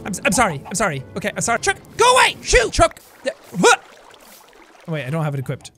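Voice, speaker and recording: A man giving excitable let's play commentary, swinging from yelling outbursts to low mutters. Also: fast talker, over music. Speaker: gameplay commentator.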